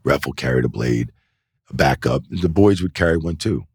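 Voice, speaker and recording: On an indoor interview set, a middle-aged wrestling referee tells loose, animated anecdotes, acting out quoted voices and filling his talk with "you know" and "like." His voice rumbles low and slightly rough at a moderate pace. The recording is dry, with clean studio sound.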